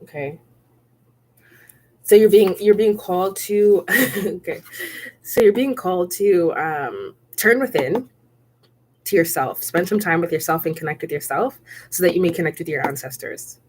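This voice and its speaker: Woman, lowish voice, casual tarot reader, chatty and repetitive, laughs often, faint background hiss. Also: unhurried, long pauses, a little mellow. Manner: chatty and repetitive, often checking in with "okay?" and "right?"; laughs often while speaking. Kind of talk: casual spiritual tarot reading.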